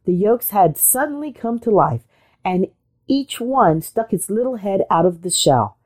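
A woman reading a fairy tale aloud as the narrator, gentle and expressive. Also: mid-range voice, measured pace. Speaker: storyteller. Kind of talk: storybook reading.

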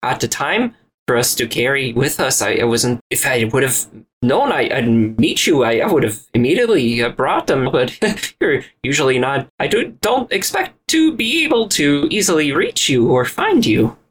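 A flustered, nervous man eager to please, as a player puts him on, stammering with a husky edge and a voice that jumps up in pitch. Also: very animated, moderate pace, fairly bright tone.

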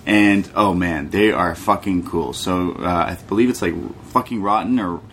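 A young man with a low, fairly bright voice speaks at a moderate pace over slight background noise. Co-hosting a podcast, he recaps wrestling in a relaxed, joking way, swearing plenty and mimicking people.

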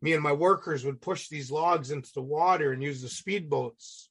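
A gravelly, raspy man in middle age tells a story in a loose, salty way. He keeps acting out the people in it. His voice sits a bit high for a man. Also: moderate pace. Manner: animated, salty, acts out voices. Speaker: guest. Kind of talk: casual storytelling.

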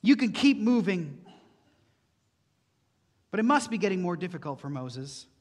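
Guy with a really high voice preaching, earnest, lots of questions at the crowd, big echoey hall. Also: very animated, measured pace. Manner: earnest, rhetorical questions to the congregation. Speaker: pastor. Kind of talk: sermon. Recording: long reverb from a large hall.

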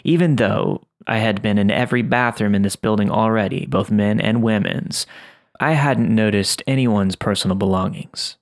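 A man narrating a first-person horror story as host, in a measured read that slows at tense moments. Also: on the low side, no room sound, clean studio sound.

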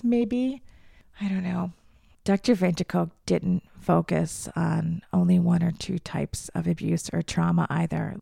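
Gravelly low-voiced woman in her fifties. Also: dry recording, clean studio sound. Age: 50s. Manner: reflective, candid, trailing off into soft murmurs. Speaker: podcast host. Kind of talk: casual personal monologue.

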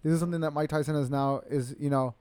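A man's voice: a little high, fairly even intonation, fast talker, darkish tone, smooth, dry recording. A man co-hosting a podcast in casual chat, joking and swearing freely. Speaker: podcast co-host.

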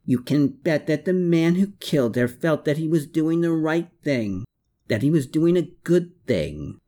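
A man's voice: fairly high pitch, expressive, measured pace, dark tone, voice pushed up. A man reading aloud, voicing a bitter, contemptuous man who snarls his lines in a raised voice. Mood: cold taunting.

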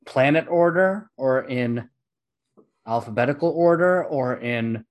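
A man's voice: medium pitch, measured pace. Brief: a talkative male host for a casual podcast, self-mocking and upbeat. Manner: chatty, self-deprecating, laughs often.

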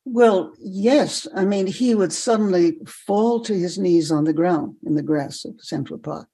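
An older woman, a podcast guest, telling animated stories and laughing often. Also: on the low side, normal speed, hardly any pauses. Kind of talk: storytelling in a podcast interview.

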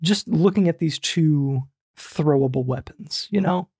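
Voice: mid-range voice, a little slow, darkish tone, husky, no echo, clean studio sound. A podcast co-host in casual chat, joking and putting questions to the other host.

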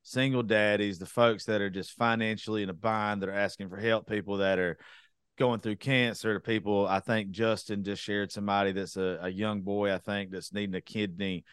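A man's voice: fairly low pitch, level tone, moderate pace, fairly bright tone, clean tone, dry recording, studio quality. A young man hosting a podcast, talking bluntly in a casual, profane rant. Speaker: podcast host.

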